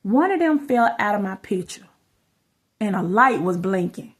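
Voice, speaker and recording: A woman's voice: medium pitch, expressive, measured pace, husky. A woman, talking straight to her viewers in a rambling, casual storytelling vlog. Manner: rambling, addresses viewers as y'all. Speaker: vlogger.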